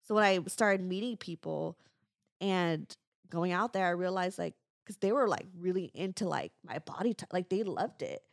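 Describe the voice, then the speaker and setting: A woman's voice: fairly low pitch, normal speed, gravelly, dry recording, clean studio sound. A woman co-hosting a podcast, chatting casually, laughing often and filling her talk with "like.". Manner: laughs often, uses "like" a lot. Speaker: podcast co-host. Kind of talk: casual chat.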